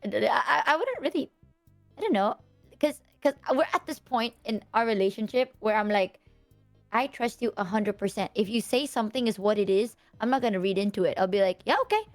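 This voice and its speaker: A woman's voice: medium pitch, brisk, soft background music. A woman chatting casually, earnest and rambling as she explains herself. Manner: earnest, rambling, lots of fillers and quoting herself. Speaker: streamer. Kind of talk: casual chat.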